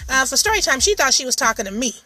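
A woman's voice: sits high, sing-song, rapid-fire, sharp tone. A middle-aged woman co-hosting a podcast in casual chat, telling stories expressively with dramatic shrieks. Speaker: podcast co-host.

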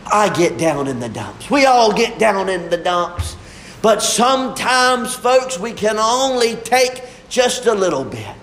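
A young man preaching a sermon, fervent and drawn-out, moving between soft and emphatic lines. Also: high-pitched, very animated.

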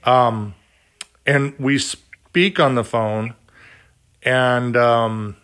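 A man's voice: medium pitch, steady tone, extremely slow, a bit bright, clear, resonant tone. Chatty man hosting an interview. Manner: rambling, chatty, full of fillers. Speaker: interview host. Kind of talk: casual interview talk.

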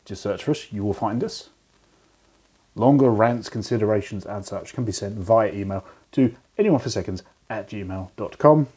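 Brief: low-voiced man, podcast outro, speaking quietly so as not to wake others, rough home recording. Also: normal speed. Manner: hushed late-night delivery. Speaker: podcast host. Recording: poor quality home recording.

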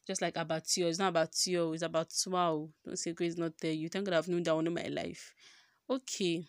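A young woman with a Nigerian accent chats on her solo podcast, her voice sitting a little low. She jokes freely and keeps asking rhetorical questions. The recording is close and dry, with no room sound. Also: little pitch movement, a little fast, darkish tone, dry recording. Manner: chatty, joking, rhetorical questions. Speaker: podcast host. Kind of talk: casual solo podcast chat.

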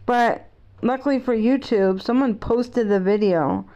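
A woman's voice: fairly high pitch, unhurried, dark tone, lo-fi sound. A middle-aged woman vlogging in a rambling, outspoken, opinionated casual monologue.

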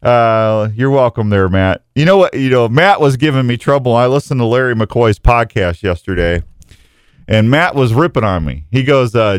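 A man with a smooth mid-range voice, speaking at normal speed, hosts a live radio show full of listener shout-outs. His greetings to each listener are playful and rambling, with frequent verbal stumbles, and the sound is dry and studio-clean.

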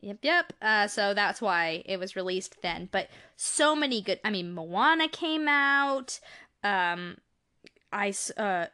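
A woman's voice: mid-range voice, expressive, slow, bright, forceful tone, clean tone. A woman co-hosting a podcast in casual chat, playful and laughing often. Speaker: podcast co-host.

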